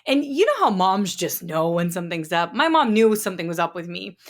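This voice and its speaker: A woman's voice: lowish voice, big pitch swings, a little fast. A woman in her thirties hosting a podcast, telling personal stories in a candid, encouraging, conversational way. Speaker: podcast host. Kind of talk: personal storytelling.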